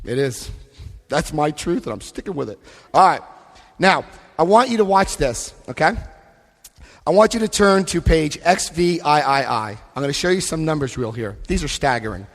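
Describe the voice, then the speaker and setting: A man's voice: fairly high pitch, animated, normal speed. A man giving a recovery talk at a convention, emphatic, repeating key phrases and asking the crowd questions. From United States. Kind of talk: recovery talk with book reading. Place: convention hall. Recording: long hall reverb.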